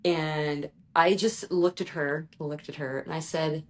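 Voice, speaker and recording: A woman guest on a podcast, an executive performance strategist, speaks in a low, steady voice, sometimes rushing and sometimes slowing down. In this interview she tells stories earnestly and addresses listeners as "you guys."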